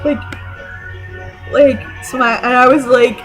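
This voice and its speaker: Vlogger type: woman, high-ish voice, gushing, rambling story, music going behind her. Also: slow, poor audio. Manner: excited, rambling, full of fillers and restarts. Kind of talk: casual storytelling to camera.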